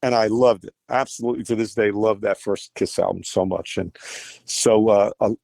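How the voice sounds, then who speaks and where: A man's voice: fairly low pitch, normal speed, gravelly, no echo. Older man telling stories animatedly. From United States. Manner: animated, acts out quoted voices. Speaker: guest musician. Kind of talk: storytelling interview.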